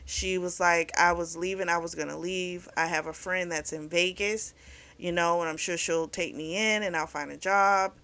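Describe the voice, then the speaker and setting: Chatty woman with a bright voice. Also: on the low side, fairly even intonation, moderate pace. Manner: candid and chatty, recounting the plot with frank opinions. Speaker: book review channel host. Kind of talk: casual spoken book recap and review.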